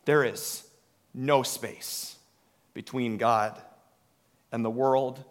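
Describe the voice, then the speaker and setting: Slow, dramatic preacher man in a reverberant hall. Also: medium pitch, steady tone. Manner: slow, dramatic delivery with hushed drops and swells. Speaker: pastor. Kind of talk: sermon.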